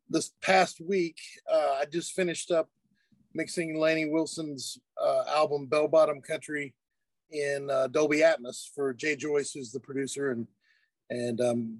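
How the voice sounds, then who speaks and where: Give me a man talking casually as an interview guest, easygoing, with a fairly high voice and a dry sound. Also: no room sound. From United States. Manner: relaxed, chatty, laughs easily, many fillers and restarts. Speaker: guest music producer and mix engineer. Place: studio.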